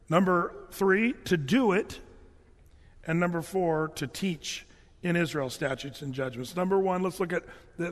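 A man's voice: high-pitched, in a large hall. A man preaching a sermon in a church, conversational and jokey, with frequent restarts. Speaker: pastor. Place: church sanctuary.

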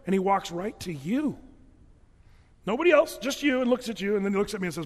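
A man's voice: high voice, animated, fast talker, in a large hall. A man preaching a sermon in a church, conversational and jokey, with frequent restarts. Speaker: pastor. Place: church sanctuary.

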